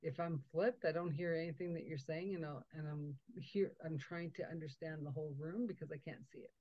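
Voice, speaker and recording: A woman hosting a conversational interview, telling stories with lively acted-out dialogue. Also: deep voice, fairly quick. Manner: animated storyteller, acts out quoted dialogue. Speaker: podcast host. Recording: dull lo-fi audio.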